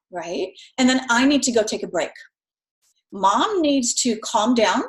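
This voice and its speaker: In a rough, roomy recording, a middle-aged woman instructor with a fairly high pitch delivers a lecture. Her style is conversational, with frequent checks of "right?".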